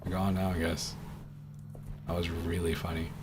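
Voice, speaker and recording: A man's voice: low-pitched, monotone, normal speed, noisy background. A man streaming games from home, chatting casually and rambling with lots of fillers and restarts. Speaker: game streamer. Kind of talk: casual streaming chat while playing.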